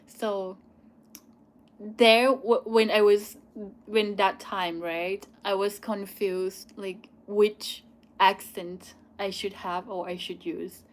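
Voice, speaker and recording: A young Thai woman with a Thai accent, Thai as her first language, hosting a live question-and-answer stream in a loose chatty way with many "like" and "um" pauses. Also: mid-range voice, fairly even intonation. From Thailand. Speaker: channel host answering viewer questions.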